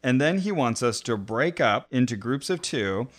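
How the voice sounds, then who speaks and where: A man's voice: mid-range voice, expressive, moderate pace. A man co-hosting a podcast, telling a story in casual chat with dry humor and frequent laughter. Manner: dry, amused, laughs often. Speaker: podcast co-host.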